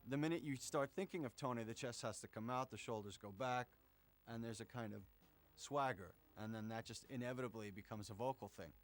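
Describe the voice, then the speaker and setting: A man, a voice actor, reflecting thoughtfully in an interview about playing a role and growing animated when he demonstrates it. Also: medium pitch, a little fast.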